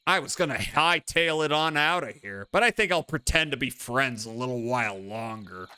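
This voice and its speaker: A man's voice: mid-range voice, expressive, moderate pace, bright, forceful tone, clear, resonant tone. A man reading as a brash young game drifter. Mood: wary.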